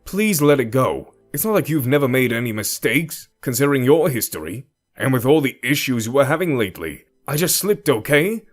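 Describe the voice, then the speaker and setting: A man's voice: mid-range voice, very animated, brisk, soft background music, pitched above the performer's own voice. A man voicing a defensive young man arguing with his partner in an audio story. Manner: defensive, sharp.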